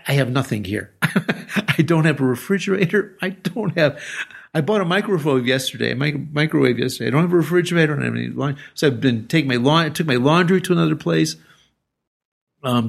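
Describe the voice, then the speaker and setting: An older man, a retired teacher, telling rambling anecdotes with halting restarts as an interview guest. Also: mid-range voice, gravelly. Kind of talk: casual interview storytelling.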